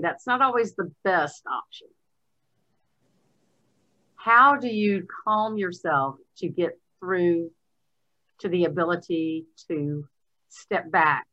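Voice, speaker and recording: Bright, lower-voiced woman asking questions. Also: lo-fi sound.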